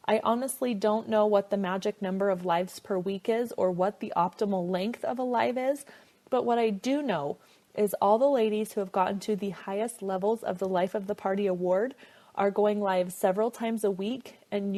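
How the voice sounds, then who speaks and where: A woman's voice: mid-range voice, mellow. Chatty, enthusiastic woman podcast host. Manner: enthusiastic, chatty, rhetorical questions. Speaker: podcast host and jewelry seller. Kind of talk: upbeat training podcast.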